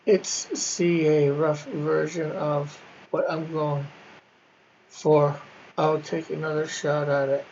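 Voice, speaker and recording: A man with a slightly raised voice chats casually with his livestream viewers while he colors comic art. He talks haltingly, breaking off and rephrasing as he goes. The audio is dull and lo-fi, like a basic stream setup. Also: fairly high pitch, little pitch movement, darkish tone, a little hiss or hum. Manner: halting, restarts and self-corrections.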